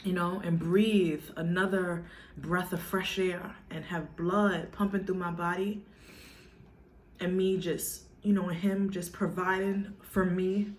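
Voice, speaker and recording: A woman's voice: on the low side, little pitch movement, slow, slight background noise. A woman vlogger talking to her viewers in a heartfelt, casual way, earnest and emotional, with a lot of "you know", now and then tearful. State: tearful at times.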